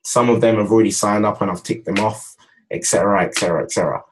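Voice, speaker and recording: A young man giving a casual, energetic sales training talk, repeating his points and addressing viewers as "guys". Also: on the low side, quick pace, a little hiss or hum, rough recording. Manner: energetic, repetitive, speaks straight to viewers as "guys". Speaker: network marketing trainer.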